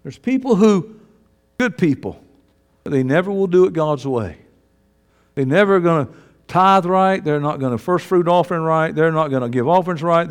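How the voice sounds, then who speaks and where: Impassioned preacher, high voice. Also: male voice, big-room sound. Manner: emphatic, swings between loud shouting and low asides. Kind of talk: sermon.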